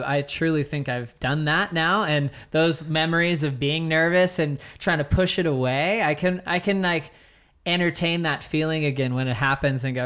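A man being interviewed as a surf commentator, telling stories in a relaxed way with lots of fillers and easy laughs. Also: on the high side, normal speed, clear, resonant tone. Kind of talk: casual interview storytelling.

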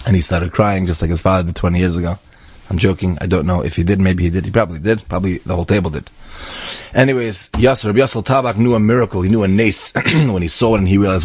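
A man telling an inspirational story in a lively way, acting out the voices of the people in it and mixing in Hebrew and Yiddish words. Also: low-pitched, fast talker, slightly rough, no echo. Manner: animated, acts out quoted voices, drops in Hebrew and Yiddish words.

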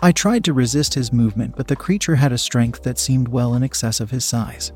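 A man narrating a story in a steady, even reading voice. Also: medium pitch, a little fast, few pauses, breathy edge, soft background music. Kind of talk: audiobook-style story reading.

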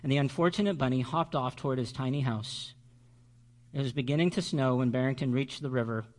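A male pastor reading a children's story aloud during a sermon, expressive and measured. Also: mid-range voice.

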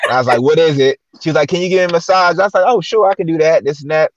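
A man's voice: fairly high pitch, racing, muffled recording, slight background noise. A man guest-hosting a chat show, telling stories in a casual way and acting out the dialogue he quotes. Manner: animated, acts out quoted dialogue. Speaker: guest host. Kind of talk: casual storytelling.

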